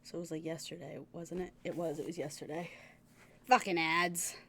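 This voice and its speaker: A woman's voice: low voice, level tone, normal speed, creaky, background noise. A woman streaming a game, making casual, blunt asides and laughing.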